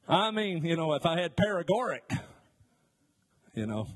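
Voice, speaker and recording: A man's voice: sits high, lively intonation, takes it slowly, pauses often. A middle-aged male pastor preaching a sermon, telling folksy stories with jokes and acting out voices as he goes. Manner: folksy storytelling with jokes and asides; acts out voices in his stories.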